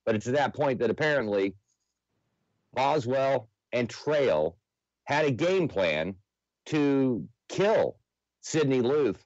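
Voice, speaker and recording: A man's voice: medium pitch, sing-song, takes it slowly, pauses often, darkish tone, no room sound, muffled recording. A male investigative reporter giving a briefing as a guest, hesitant and full of fillers. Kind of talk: news-show guest briefing.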